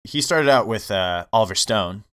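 A man's voice: fairly low pitch, expressive, normal speed, fairly bright tone, clean tone. A man co-hosting a casual film podcast, enthusiastically listing a cinematographer's credits. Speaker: podcast co-host.

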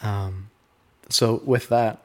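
A man's voice: lowish voice, fairly even intonation, drawn-out words. A man with a sick voice, hosting a casual podcast interview in a friendly, loose manner with hesitant fillers. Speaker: podcast host.

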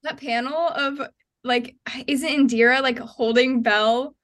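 High-voiced, emotional young woman. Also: measured pace. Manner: emotional, laughing, expressive. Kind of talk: casual fan chat.

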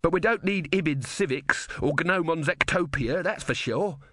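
A man voicing an eccentric, cheerful old male philosopher with a high, lively, chuckling voice. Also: normal speed, dry recording, studio quality.

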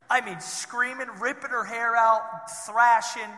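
Male pastor, conversational sermon with animated bursts, high, sharp voice, reverberant church hall. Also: normal speed, hardly any pauses. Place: church sanctuary.

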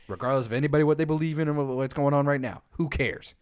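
A man co-hosting a podcast in casual chat, telling crude stories bluntly and dropping to a hushed voice for the details. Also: fairly high pitch, fast, clear, resonant tone. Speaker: podcast co-host.

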